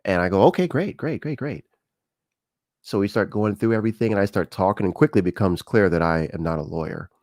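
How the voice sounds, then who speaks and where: A man's voice: low voice, steady tone, fast, hardly any pauses, darkish tone, no echo, clean studio sound. An American man hosting a live-streamed talk show, telling personal stories in a conversational way with frequent fillers and restarts. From United States. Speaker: show host.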